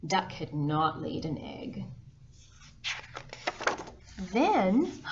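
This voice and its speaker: A woman librarian reads a picture book to little children at a slow, unhurried pace, gentle and animated with little gasps and sound effects. Her voice sits at an ordinary pitch. The recording is a bit dull and lo-fi, with faint noise behind her. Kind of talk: storytime picture-book reading.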